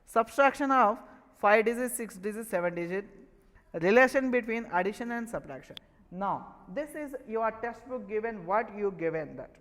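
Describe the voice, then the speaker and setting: A man's voice: high voice, lively intonation, normal speed, fairly bright tone, big-room sound, low-quality recording. A man with an Indian English accent teaching a maths lesson, repeatedly asking questions and answering them himself. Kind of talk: online classroom lesson.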